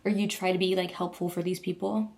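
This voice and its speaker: A woman's voice: on the low side, flat delivery, quick pace, gravelly, darkish tone. A young woman vlogger rambling in a casual, gushing chat, full of "like" and restarts. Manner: gushing, rambling, heavy use of "like".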